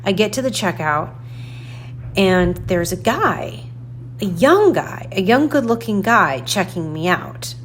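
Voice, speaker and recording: A woman in her forties hosting a podcast, telling a story in a chatty, animated, self-deprecating way with frequent asides. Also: medium pitch, slow pace, slight background noise. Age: 40s. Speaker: podcast host. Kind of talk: casual storytelling monologue.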